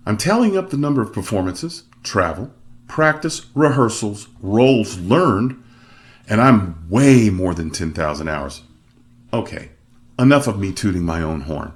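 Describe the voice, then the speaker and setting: A middle-aged male opera singer telling stories about his career in a self-deprecating, expressive monologue. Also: lowish voice, measured pace. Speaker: opera singer hosting his own show. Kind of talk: storytelling monologue.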